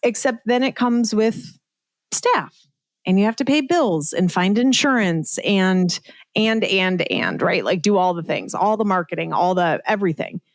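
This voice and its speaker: A woman's voice: mid-range voice, lively intonation, a little slow, no room sound. A middle-aged woman telling her story as a podcast guest in a casual, chatty way, full of "like" and "right?" and laughing at herself.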